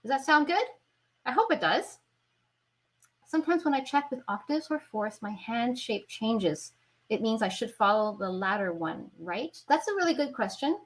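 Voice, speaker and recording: A woman's voice: a little high, animated, moderate pace, poor audio. A woman teaching an online violin lesson, who explains patiently and keeps checking in with her viewers. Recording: violin playing between phrases.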